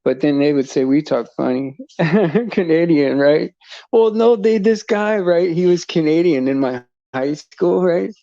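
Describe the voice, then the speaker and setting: A man's voice: a little high, lively intonation, unhurried, gravelly, warm tone, no echo. A man from the United States rambling in casual livestream chat, full of fillers and restarts and chuckling often. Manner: chuckles often while talking. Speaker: livestream host. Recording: dull lo-fi sound.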